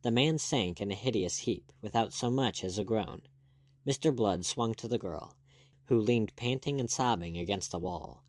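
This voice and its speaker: A male audiobook narrator with a low voice, reading at a steady, measured pace. The recording is very dry and close, with no room sound. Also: no echo. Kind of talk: scripted narration.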